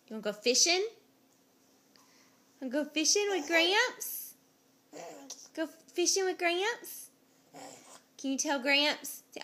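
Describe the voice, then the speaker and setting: A young mother at home on a home video, gently coaxing her toddler with repeated simple questions. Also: sits high, lively intonation, slow pace, pauses often.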